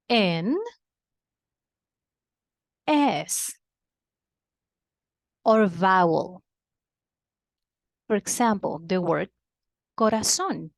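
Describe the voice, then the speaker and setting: A woman's voice: lowish voice, creaky, no echo, studio quality. A woman teaching Spanish to children in a patient, explanatory way, repeating key terms and moving between Spanish and English. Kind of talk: slow explanatory lesson for kids.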